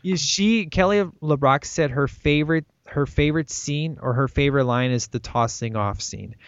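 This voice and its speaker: A man's voice: on the high side, normal speed, dry recording. Enthusiastic rambling man, dull dry recording. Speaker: podcast co-host discussing a film. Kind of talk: casual chat.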